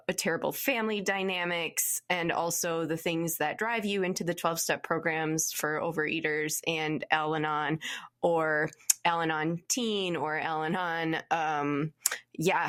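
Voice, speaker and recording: A woman on a pop culture debate podcast, talking in a gentle, musing way with many filler ums. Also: deep voice, steady tone, measured pace. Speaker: podcast panelist.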